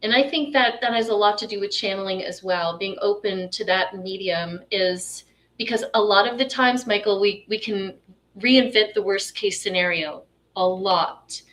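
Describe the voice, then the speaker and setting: A woman's voice: mid-range voice, normal speed, a bit bright. A woman guest on a podcast talking in a reflective, spiritual way, with many "um"s and "you know"s. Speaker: podcast guest, tantra teacher. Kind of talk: casual conversation.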